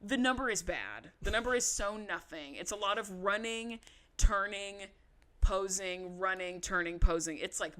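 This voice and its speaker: A woman's voice: medium pitch, normal speed. A woman co-hosting a podcast, recapping a reality show in a casual, profane, sarcastic rant. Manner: profane, sarcastic, animated ranting. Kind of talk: casual chat.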